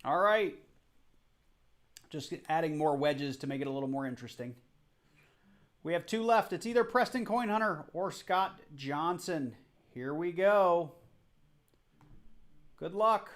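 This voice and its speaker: A man's voice: fairly high pitch, animated, normal speed, long pauses, a bit bright. Chatty man hosting a live coin stream. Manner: chatty, apologetic, flustered. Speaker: livestream host. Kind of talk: casual live stream chat.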